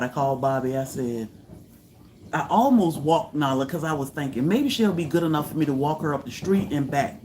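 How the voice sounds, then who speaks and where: A woman, hosting a casual livestream and telling stories in a lively way, jumping up high and loud when she acts out what people said. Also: a little hiss or hum. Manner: animated, acts out quotes with high loud bursts. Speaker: homestead channel host.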